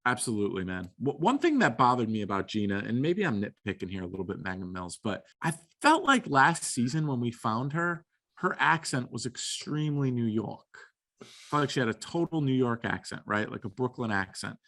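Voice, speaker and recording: A man's voice: mid-range voice, fairly quick. A man co-hosting a podcast, chatting casually with slang and swearing. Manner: slangy and lively, swears freely. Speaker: podcast co-host. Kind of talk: casual chat.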